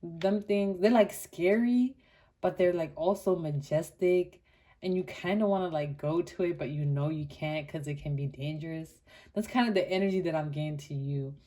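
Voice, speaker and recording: A young woman from Botswana giving a casual pick-a-card tarot reading, chatty and animated, with many "like" fillers and frequent laughter. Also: low-pitched, moderate pace.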